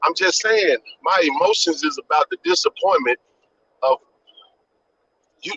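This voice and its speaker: A man's voice: on the high side, animated, unhurried, fairly bright tone, a little hiss or hum. A man hosting a podcast live stream, ranting passionately, repeating his points and swearing for emphasis like a preacher. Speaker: podcast host. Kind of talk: impassioned live-stream rant. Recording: dull lo-fi live-stream audio.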